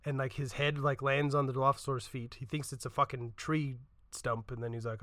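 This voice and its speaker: A man's voice: mid-range voice, flat delivery, fairly quick, pushed and bright, dry recording. A man co-hosting a podcast, retelling scenes in a casual, profane way and acting out quotes as he goes. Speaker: podcast co-host. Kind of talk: casual chat.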